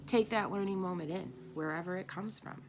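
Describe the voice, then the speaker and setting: A woman giving a casual, animated spiritual talk as a tarot reader. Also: on the low side, brisk, background noise. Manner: animated, chatty, laughs often.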